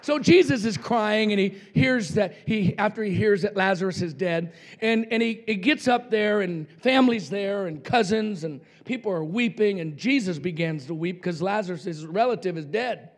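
A middle-aged man, a pastor, preaching an impassioned revival sermon, shouting out lines and calling on the congregation to answer back. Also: high voice, moderate pace, few pauses.

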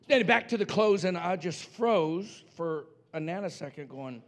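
A middle-aged male pastor from New Mexico telling a story in a sermon, playfully acting out voices and swinging from quiet asides to shouting. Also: fairly high pitch, animated, fairly quick, few pauses. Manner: playful, acts out voices in his stories.

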